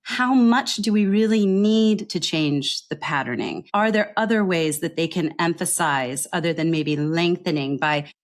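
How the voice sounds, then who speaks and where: A woman giving a podcast interview as a pronunciation coach, explaining her work earnestly and often checking in with a quick "right?". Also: lowish voice.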